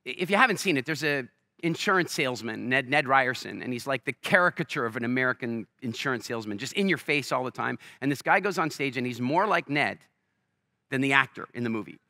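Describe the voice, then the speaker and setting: Energetic man giving a stage talk. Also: mid-range voice, quick pace, no room sound, clean studio sound. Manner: energetic storyteller, acts out quoted voices. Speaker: keynote speaker. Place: large festival stage.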